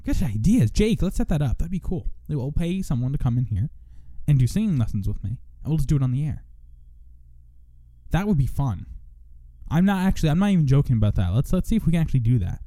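A man's voice: on the high side, very animated, quick pace, mellow, dry recording. A young man hosting a radio show in casual chat, rambling and self-mocking, now and then breaking into joking country singing.

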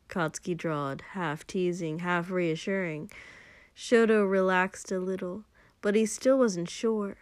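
A woman reading fan fiction aloud in a slow, unhurried way. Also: fairly low pitch, clean tone, no echo. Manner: slow, even, unhurried narration. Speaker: reader.

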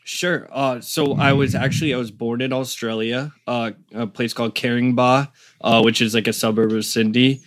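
A man's voice: mid-range voice, fairly even intonation, moderate pace, fairly bright tone. A young man from Connecticut chatting casually as a podcast guest, rambling with lots of fillers. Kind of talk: casual chat.

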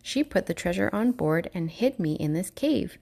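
A woman's voice: mid-range voice, animated, moderate pace, vocal fry, mellow. A woman reading as magic talking pirate ship, polite, explaining, storybook.

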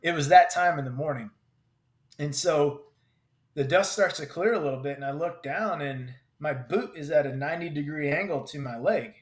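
A combat veteran telling a personal story in vivid, halting bursts with many restarts. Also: male voice, on the high side. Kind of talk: personal story told in conversation. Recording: roomy echo.

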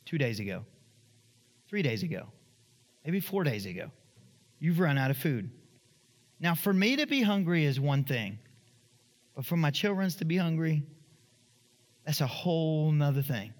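A man preaching a sermon as pastor in a church, animated and acting out the voices of the people in his story. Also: a little slow, long pauses, long reverb tail. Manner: animated, acts out quoted voices, rises to high emphatic pitch.

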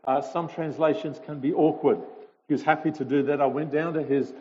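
A guest speaker addresses a congregation informally, telling stories with a chatty manner and some hesitation. He speaks fairly quickly in a steady, mellow, slightly high voice, and the church-hall recording is dull and lo-fi, with long reverb.

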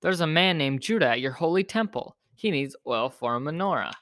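A man's voice: a little high, lively intonation, brisk, fairly bright tone, dry recording, studio quality. A man voicing the Ziz, a big, possessive young male bird who talks in a childlike, whiny way. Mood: eager.

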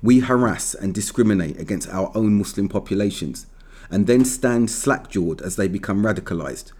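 Low, dark-voiced man reading earnestly. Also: expressive, normal speed, husky. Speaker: commentator reading an article aloud. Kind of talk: reading an opinion article aloud.

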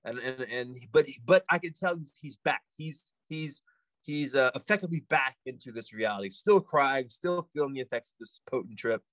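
A man, a podcast guest, telling a story casually in an animated, loose way full of asides. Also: medium pitch, moderate pace, no room sound.

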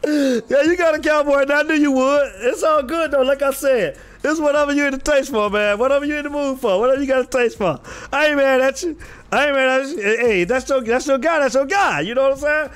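A man's voice: very high-pitched, fairly quick, a bit bright. A man hosting a casual live stream about football, calling out viewers by name and repeating himself in a loose, drawling way. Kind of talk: casual live sports talk.

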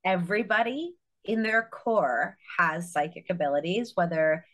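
A woman chatting casually on a podcast in a soft, earnest way. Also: fairly low pitch, moderate pace. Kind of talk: casual chat.

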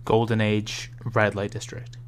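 This young male co-host of a gaming podcast speaks in a lowish voice at a measured pace, with slight noise in the background. He chats casually, tells lively stories, and laughs a lot.

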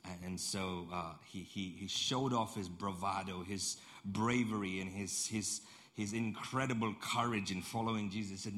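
A man's voice: on the low side, moderate pace, fairly bright tone. A man preaching a sermon in a conversational storytelling way, repeating phrases and putting questions to the congregation. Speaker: pastor.

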